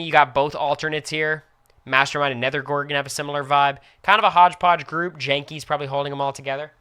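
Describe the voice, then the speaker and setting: A man's voice: mid-range voice, smooth. A young man giving casual, reactive play-by-play commentary on a live stream. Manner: quick, reactive play-by-play with excited outbursts.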